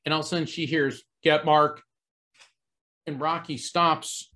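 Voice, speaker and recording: A middle-aged man from Central Florida tells a personal story to a live audience, his voice sitting a little high for a man. He speaks earnestly and conversationally, with frequent "um"s and restarts. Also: steady tone, brisk, pushed and bright. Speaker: psychic medium giving a talk.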